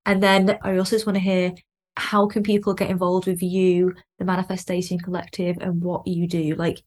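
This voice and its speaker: A woman's voice: fairly low pitch, level tone, normal speed, a little mellow. Chatty woman hosting a podcast. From Lancashire, England. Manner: chatty, lots of "like", laughs easily. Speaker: podcast host. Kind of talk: casual podcast chat.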